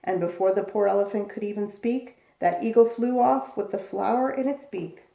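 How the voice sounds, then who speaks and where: A woman reads a rhyming picture book aloud at bedtime, keeping a steady rhythmic cadence. Her voice is mellow with a gravelly edge, and the room adds a noticeable echo. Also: medium pitch, normal speed. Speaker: storyteller. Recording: echoey room.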